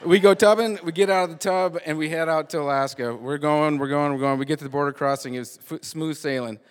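A man telling a personal road-trip story live, animated and often repeating or restarting his words. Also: on the high side, a little fast, clear, resonant tone. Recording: long hall reverb.

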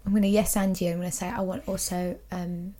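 A woman co-hosting a comedy podcast, talking in a playful, quick way. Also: lowish voice, little pitch movement, dark tone. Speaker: podcast co-host.

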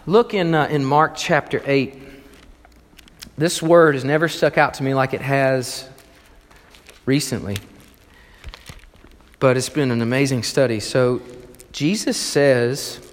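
Animated preacher in an echoey hall. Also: male voice, mid-range voice, slow pace, pauses often. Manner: animated storytelling, emphatic. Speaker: pastor. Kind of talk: sermon.

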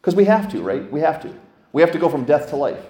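A man, a lead pastor, preaching a lively, conversational sermon full of rhetorical questions. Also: a little high, quick pace, reverberant. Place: church sanctuary.

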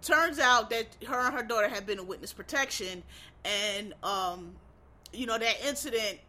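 A woman's voice: a little high, moderate pace, pushed and bright. A woman in casual chat about TV shows, rambling and profane, breaking into exasperated rants.

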